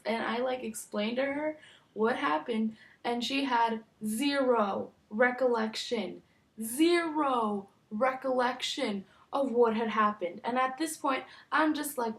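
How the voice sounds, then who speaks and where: A young woman vlogger telling a story casually, chatty and animated, acting out quoted lines. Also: unhurried. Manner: chatty, animated, acts out quotes with big pitch jumps.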